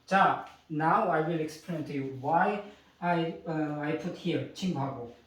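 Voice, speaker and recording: Korean-accented teacher in an echoey room. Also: male voice, fairly high pitch, fairly quick, fairly bright tone, recorded from a distance, a little hiss or hum. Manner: explains step by step, checking with frequent "okay?" and "right?"; switches between English and Korean example phrases. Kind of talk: classroom grammar lesson. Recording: echoey room, voice away from mic.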